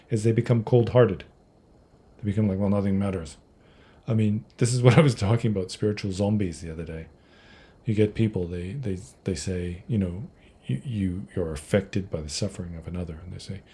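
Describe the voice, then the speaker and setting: Male Buddhist teacher, livestream Q&A; raspy, dark timbre, loose and digressive delivery. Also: fairly low pitch. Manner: conversational, digressive, with restarts and acted quotes. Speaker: Buddhist teacher answering viewer questions. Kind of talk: livestream Q&A talk.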